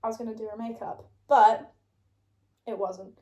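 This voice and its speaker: A young woman with a British accent hosts a casual chat. Her voice sits fairly high. She tells long stories and laughs often. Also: steady tone, moderate pace, warm tone, echoey room. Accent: British English. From England. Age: young adult. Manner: chatty storytelling, laughs often. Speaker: podcast host.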